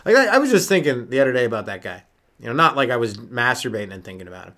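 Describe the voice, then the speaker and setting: A man's voice: medium pitch, very animated, racing, sharp tone. A man hosting a solo comedy podcast, rambling and riffing with many fillers, running on no sleep. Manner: rambling, riffing, lots of fillers and sudden voice jumps. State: sleep-deprived. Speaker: stand-up comedian and podcast host.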